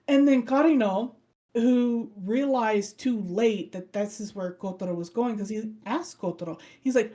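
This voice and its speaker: A woman's voice: on the high side, moderate pace. A woman co-hosting a casual podcast, retelling an anime plot with energy and acting out the characters' lines. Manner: animated storyteller who acts out characters' lines. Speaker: podcast co-host.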